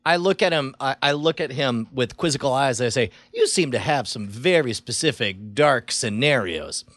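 A man's voice: medium pitch, animated, moderate pace, fairly bright tone, no echo. A man playing in a comedic role-play, talking in a hesitant, playful and goofy way. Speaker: player.

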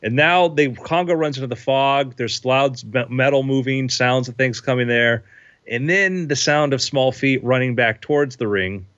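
A man in the game master's seat, narrating the action in a playful, vivid way with sound effects. His voice sits at an ordinary pitch. The recording is dry and somewhat dull. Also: normal speed, a bit bright, no room sound.

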